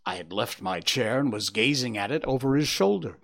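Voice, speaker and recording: A man narrating a classic detective story aloud in the first person, steady and expressive. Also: medium pitch, brisk, vocal fry. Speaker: audiobook narrator.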